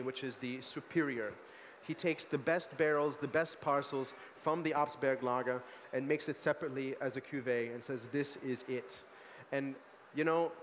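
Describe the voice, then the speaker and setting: An American man, a young adult sommelier, giving an animated, chatty wine tasting talk full of asides and fillers at a food market event. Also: medium pitch, in a large hall, a little hiss or hum. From United States. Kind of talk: lively tasting presentation.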